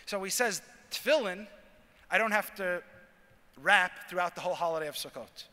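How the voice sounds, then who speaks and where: A man, a rabbi, giving a talk at a convention and telling a story, acting out the lines of its characters with lively energy. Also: high-pitched, moderate pace. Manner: animated storyteller acting out dialogue. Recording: reverberant hall.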